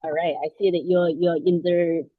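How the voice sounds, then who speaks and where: A woman's voice: fairly low pitch, flat delivery, moderate pace, no echo, narrow, tinny audio. A woman instructor leading class introductions on a video call, chatty and encouraging. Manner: encouraging, chatty, small laughs.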